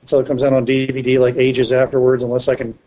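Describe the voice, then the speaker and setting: A man's voice: medium pitch, completely flat delivery, fast, warm tone, poor audio. A man chatting on a podcast panel, talking in a rambling, hesitant way with many restarts. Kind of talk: casual chat.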